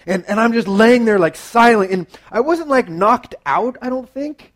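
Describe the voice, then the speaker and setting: A man giving a youth sermon, telling a personal story in an animated way with frequent "right?" asides to the audience. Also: very high-pitched, normal speed. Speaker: youth pastor.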